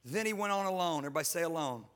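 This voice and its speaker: A male guest pastor preaching a sermon in church, animated and joking, with casual slang. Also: on the high side, rapid-fire. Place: church sanctuary.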